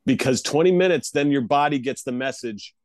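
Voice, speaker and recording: A man talking as a comedian guest on a podcast, telling animated stories and laughing often. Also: medium pitch, a little fast, no room sound. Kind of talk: casual interview chat.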